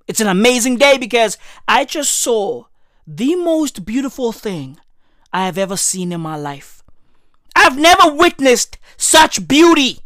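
A woman's voice: on the high side, sing-song, measured pace, fairly bright tone, no echo, studio quality. A woman in her thirties hosting a podcast, gushing in a profane, slang-heavy comic monologue. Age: 30s. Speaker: podcast host.

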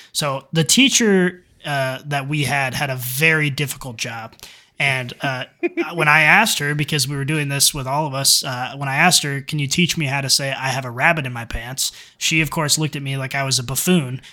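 Bright, joking young male co-host. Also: mid-range voice. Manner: joking, reads listener questions. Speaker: podcast co-host. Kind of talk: casual chat.

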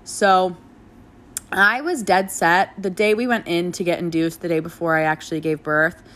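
A young woman candidly telling her own birth story in a casual, frank way, swearing freely and jumping into animated voices for the people she quotes. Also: lowish voice, moderate pace.

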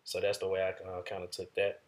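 A man's voice: sits low, completely flat delivery, quick pace. A man in casual conversation, speaking plainly and reflectively. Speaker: husband in a podcast conversation. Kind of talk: casual chat.

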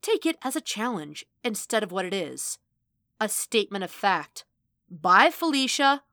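A woman voicing a brash, joking male mercenary on the phone, loud and theatrical. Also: medium pitch, sing-song, unhurried, no echo, clean studio sound, pitched above the performer's own voice, full character voice. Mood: brash teasing.

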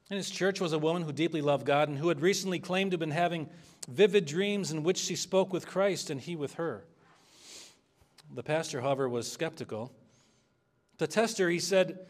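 Earnest pastor, man, higher voice. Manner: earnest, conversational, asks the congregation for responses. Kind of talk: expository sermon.

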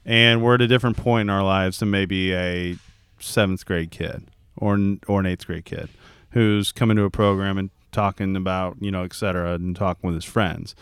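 A man in his thirties, a youth baseball coach, chatting casually and acting out conversations with lively voices. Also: sits low, normal speed, clear, resonant tone, no echo, clean studio sound. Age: 30s. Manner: animated, acts out quoted dialogue. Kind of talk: casual podcast chat.

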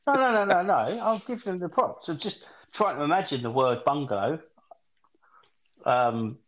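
A man from England co-hosting a podcast, telling crude stories in an animated way, swearing and laughing at his own jokes. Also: fairly high pitch, moderate pace, poor audio. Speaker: podcast co-host. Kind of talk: crude comedic casual chat.

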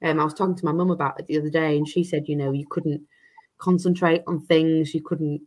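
A woman's voice: low-pitched, fairly even intonation, fairly quick, a little mellow. A woman, an estate agent, chatting as an interview guest, rambling with many restarts and fillers. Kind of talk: casual interview chat.

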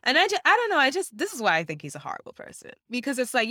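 A woman co-hosting a reality TV recap podcast, talking in blunt, animated casual chat with frequent laughs and swearing. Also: sits high, racing, few pauses, dry recording, clean studio sound. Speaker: podcast co-host.

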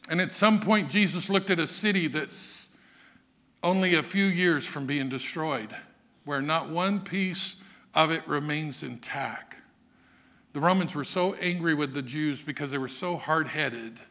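A male pastor preaching a Sunday sermon with dramatic swings from quiet, low talk to shouting, acting out the people he quotes. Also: measured pace.

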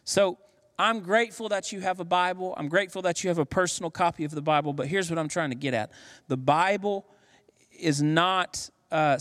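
A man in his thirties preaching a sermon as pastor, telling stories with animated acted voices. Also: sits high. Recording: long hall reverb.

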